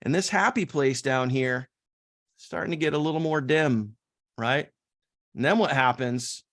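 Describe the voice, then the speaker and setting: Man, online coach, casual slangy teaching, animated, acts out doubts, dry sound. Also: medium pitch, a little slow, no echo.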